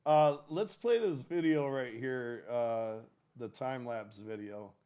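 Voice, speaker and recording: A man co-hosting a podcast in casual chat, halting and repeating words, often checking in with "right?". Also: medium pitch, dark tone, clear, resonant tone. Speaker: podcast co-host.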